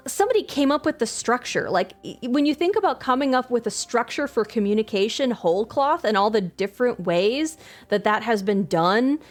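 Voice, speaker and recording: A woman streaming a game live, chatting casually in a rambling, enthusiastic way, full of filler words and self-corrections, laughing often. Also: a little high.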